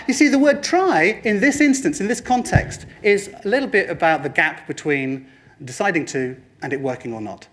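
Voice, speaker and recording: A man giving a lively motivational presentation to a room, addressing the audience and slipping into other people's voices for quoted lines. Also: sits high, fairly quick. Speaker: speaker at a training talk.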